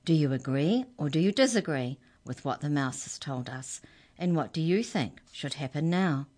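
A woman's voice: low-pitched, expressive, normal speed, a little mellow. Woman putting on a stern official's voice. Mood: cross. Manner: cross, commanding. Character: stern female hex checker official.

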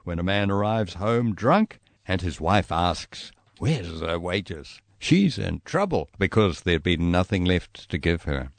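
A man's voice: big pitch swings, slow, gravelly, few pauses, full character voice. A man putting on a gloomy grumbling Scot. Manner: blunt, grumbling, raised pitch. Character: gloomy, talkative middle-aged Scottish man.

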